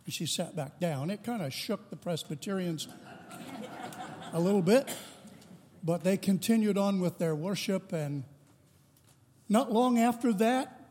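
Slow, high-voiced preaching man. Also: lively intonation, dark tone, in a large hall, a little hiss or hum. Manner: slow, deliberate preaching with joking asides. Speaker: pastor. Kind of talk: sermon. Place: church sanctuary.

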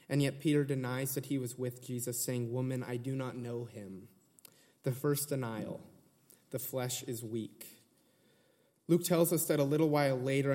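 A male preacher delivers an earnest sermon. His mid-pitched voice rises to emphatic retellings. The long reverb of a church hall trails each phrase. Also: darkish tone.

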